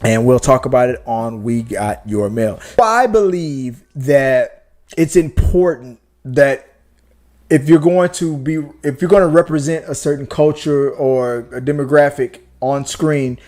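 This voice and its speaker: A man's voice: mid-range voice, a little mellow. A man co-hosting a casual live-stream movie talk show, making his points with emphatic rhetorical questions. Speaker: podcast co-host.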